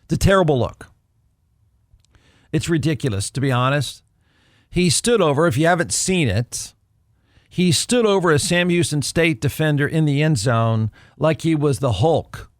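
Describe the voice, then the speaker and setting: A man's voice: on the high side, lively intonation, moderate pace, no room sound, clean studio sound. Snarky man doing sports talk. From Texas. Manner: snarky, conversational, repeats himself for emphasis. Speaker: podcast host. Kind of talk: solo sports commentary.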